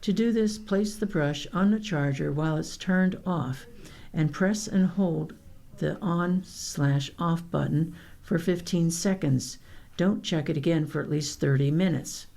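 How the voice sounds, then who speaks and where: A woman with a low, gravelly voice reads newspaper columns and news aloud for a radio reading service. Her tone is dark and mellow, and her reading is plain and unhurried. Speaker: volunteer newspaper reader. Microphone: radio studio microphone.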